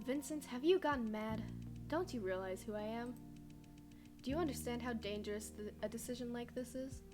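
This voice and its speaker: A woman's voice: on the high side, moderate pace, natural voice. A woman voicing a confident male friend who talks in a teasing, self-assured way. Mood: alarmed. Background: game music.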